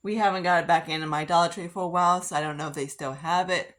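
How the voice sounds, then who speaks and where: Chatty woman with a lower voice. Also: steady tone, fast, a bit bright. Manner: rambling, filler-heavy, frequent "like". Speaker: beauty vlogger. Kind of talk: casual get-ready-with-me chat.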